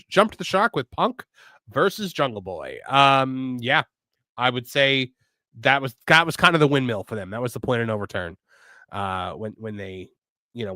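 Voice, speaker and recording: A man hosting a casual wrestling podcast, reading viewer super chats and riffing on them, often trailing off quietly. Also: mid-range voice, dry recording, studio quality. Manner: animated, trails off quietly, mimics callers.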